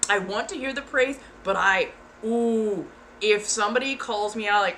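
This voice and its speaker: With a mid-range, slightly bright voice at a moderate pace, this woman ASMR streamer keeps the conversation casual over a bit of background noise. She laughs easily, speaks frankly, and now and then puts on playful voices.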